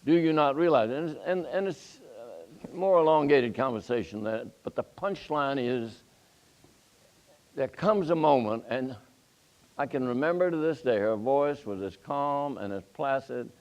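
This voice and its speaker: A man's voice: mid-range voice, a little slow, highs cut off. Older man telling a story on a panel. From Nashville. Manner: animated storyteller, acting out quoted dialogue.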